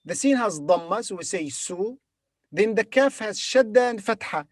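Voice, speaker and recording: A man's voice: sits high, expressive, normal speed, no echo, studio quality. A man teaching Arabic to beginners, patiently sounding out each word and repeating it for his learners. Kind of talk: beginner language lesson.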